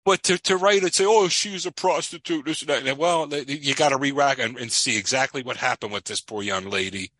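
Bright-voiced man with a Philly accent. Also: medium pitch, a little fast, few pauses, no room sound, poor audio. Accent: Philadelphia. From Philadelphia area. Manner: earnest, animated storyteller. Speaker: podcast co-host. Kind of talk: casual chat.

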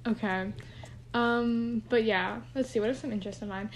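A woman's voice: on the high side, fairly even intonation, moderate pace, slight background noise. A young woman co-hosting a casual podcast, chatty and rambling, recorded without a proper microphone. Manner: chatty, rambling, laughs often. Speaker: podcast co-host. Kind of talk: casual chat. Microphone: no microphone, phone or computer.

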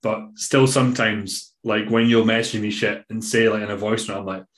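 Low-voiced Scottish man, echoey room. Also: steady tone, normal speed, fairly bright tone. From Scotland. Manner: rambling, emphatic, swears casually. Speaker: bodybuilding coach. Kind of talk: casual podcast interview.

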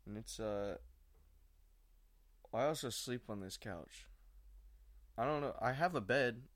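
This is a young male vlogger talking from his couch into a desk microphone set at a mixing board. His mid-range voice moves slowly without any echo as he rambles in a casual, slangy, anxious way.

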